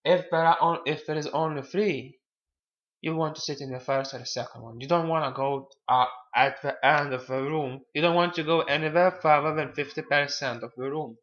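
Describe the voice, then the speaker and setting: Male self-help presenter, slightly high voice, halting and repetitive delivery, dull lo-fi audio. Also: fairly even intonation, a bit bright. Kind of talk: casual advice talk.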